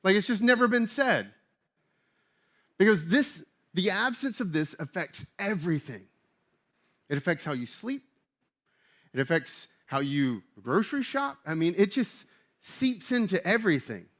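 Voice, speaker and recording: High-voiced emphatic male pastor preaching. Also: unhurried, long pauses. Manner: animated, emphatic, conversational. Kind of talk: sermon.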